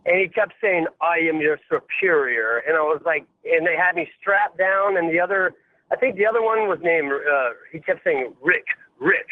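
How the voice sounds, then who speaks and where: High-voiced eager male caller, tinny phone. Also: moderate pace, no room sound. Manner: eager, friendly, stumbling over words. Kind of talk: phone-in storytelling. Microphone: telephone. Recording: tinny telephone line.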